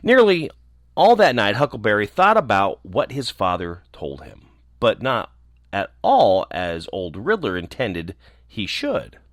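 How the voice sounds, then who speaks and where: A man reading a children's story aloud, expressive and animated. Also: fairly low pitch, a little slow, no room sound, studio quality.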